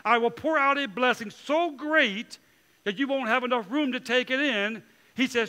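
A man preaching as pastor at a midweek church service, animated and acting out quick voices of people in his stories. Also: extremely high pitch. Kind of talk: sermon.

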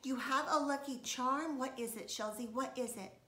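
Woman doing a spoiled rich little girl, bragging, high and loud, storybook, echoey room. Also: moderate pace. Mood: amazed. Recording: echoey room, faint noise.

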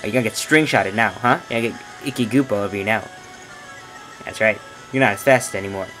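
A man's voice: fast, soft background music, rough recording. A young man playing a video game and commenting as he goes, joking and trash-talking the characters on screen. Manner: joking, trash-talks game characters, lively swings of pitch. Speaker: let's play gamer. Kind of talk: playthrough commentary.

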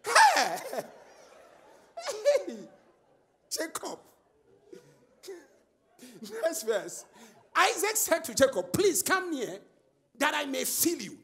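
A male preacher with a high, sharply bright voice and a gravelly edge, preaching in call-and-response style. He swings his pitch widely, shouting and chanting phrases at the congregation while faint music plays beneath. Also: very animated, takes it slowly, pauses often. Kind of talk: sermon.

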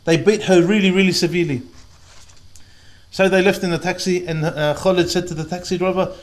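A man in his thirties with an Australian accent, a preacher telling a dramatic story in a sermon, earnest, dropping to a hush on pious asides. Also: high-pitched, fairly even intonation, fairly quick. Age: 30s. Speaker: Islamic preacher.

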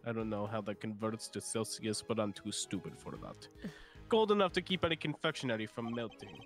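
A man's voice: fairly low pitch, lively intonation, brisk, soft background music. A man voicing a blunt, sarcastic male confectioner in a fan dub of a game, curt and mocking.

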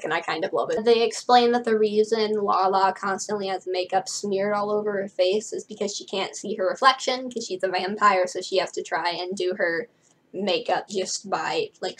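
A young woman with a husky, slightly breathy voice reads a teen novel aloud. She stops often for wry, chatty asides and jumps up in pitch to voice the characters, sometimes dropping to a hushed tone. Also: steady tone, low-quality recording. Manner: chatty, wry, quick to laugh at the book; drops to a hushed voice now and then. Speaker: book reader and commentator.

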